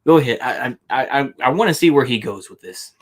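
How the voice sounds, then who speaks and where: A man's voice: mid-range voice, expressive, fast talker. A man hosting a reaction stream, talking in a sarcastic, argumentative, rambling way. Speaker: stream host reacting to a video. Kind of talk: casual commentary.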